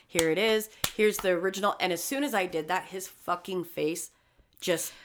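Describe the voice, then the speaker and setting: A woman swapping stories in casual chat, cursing freely. Her voice sits slightly low, and she jumps into lively impressions of other people mid-story. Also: normal speed, background noise. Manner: profane, animated storytelling with acted-out quotes.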